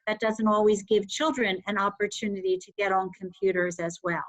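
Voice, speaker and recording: A woman's voice: medium pitch, fairly even intonation, fairly quick, poor audio. A woman school superintendent giving earnest, heartfelt remarks at a board meeting.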